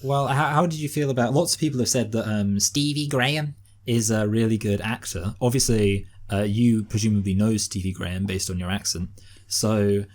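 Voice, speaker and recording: A man's voice: lowish voice, a little mellow. A man co-hosting a casual film review chat, teasing his co-host and often restarting his sentences. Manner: fast, halting, teasing. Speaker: podcast co-host.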